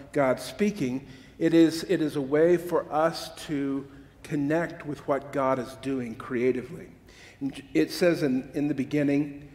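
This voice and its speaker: A man preaching a sermon, emphatic, repeating words and tossing asides to his listeners. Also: fairly high pitch. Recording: long hall reverb.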